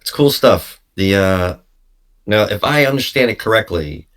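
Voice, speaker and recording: A man's voice: fairly low pitch, animated, unhurried, fairly bright tone. A man hosting a podcast, asking loose, rambling questions in a casual tone. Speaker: podcast host. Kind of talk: casual interview.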